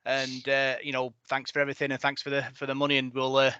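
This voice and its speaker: A man hosting a casual podcast, telling his stories in a chatty, animated way. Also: medium pitch, fast talker, clear, resonant tone, no room sound, muffled recording. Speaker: podcast host. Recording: dry close mic.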